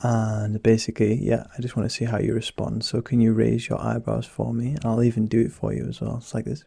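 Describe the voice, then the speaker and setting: A soft, husky young man in a whispered role-play as a teasing doctor. His low voice has a gravelly edge and a dark, mellow tone, and it stays close and dry on the mic. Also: monotone, a little fast, no room sound.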